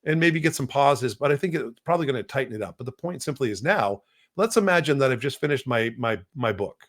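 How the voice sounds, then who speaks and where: A man in the middle of his range talks his way through a demo. He drifts and fills gaps with lots of "uh"s, and the mood stays relaxed and conversational. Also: mid-range voice, quick pace. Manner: rambling, many fillers. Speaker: podcast co-host. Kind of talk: casual demo chat.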